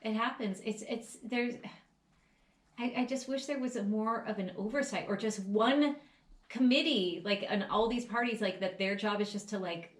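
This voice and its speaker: A woman's voice: medium pitch, normal speed, echoey room. A woman co-hosting a podcast in casual chat, mostly reacting with short replies and laughs. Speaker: podcast co-host.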